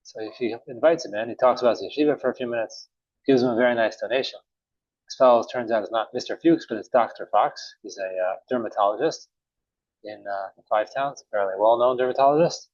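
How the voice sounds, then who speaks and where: A man teaching a morning Talmud class, telling a story casually with many pauses and restarts. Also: medium pitch, dry recording. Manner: relaxed, halting, many uhs and restarts. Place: synagogue or study room. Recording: dull, dry recording.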